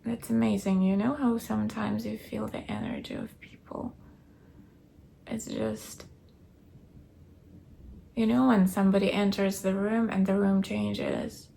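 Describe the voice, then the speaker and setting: A weary woman keeping a late-night video diary at home, talking softly and often dropping into a whisper. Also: mid-range voice, flat delivery, measured pace, creaky, long pauses, slight background noise. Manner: soft, tired, often drops to a whisper. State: weary, low on energy.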